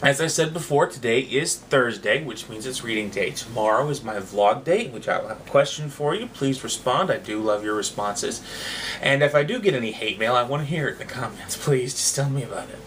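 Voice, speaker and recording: A man speaking casually to his viewers in a homemade vlog. He sounds chatty and a little hesitant, pausing now and then to find his words. His pitch sits in a middle range but moves around a lot as he talks. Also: animated, a bit bright, a little hiss or hum. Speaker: vlogger.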